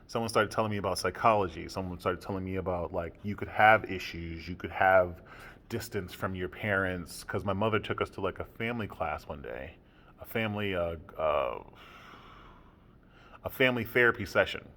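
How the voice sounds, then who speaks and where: A young male podcaster rambles through a candid personal monologue full of fillers, deliberately keeping his speaking tone low and comfortable. The sound is a bit bright.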